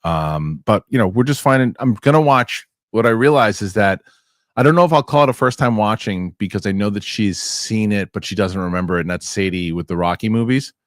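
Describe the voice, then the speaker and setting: A man hosting a casual podcast chat, telling lively anecdotes and acting out what other people said. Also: lowish voice, a little fast, no room sound, clean studio sound. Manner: animated storyteller acting out quotes. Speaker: podcast host.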